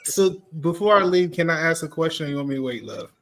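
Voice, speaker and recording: High-voiced man asking questions. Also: lively intonation, fast talker, fairly bright tone. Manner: questioning, joking. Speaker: panelist. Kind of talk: casual podcast debate.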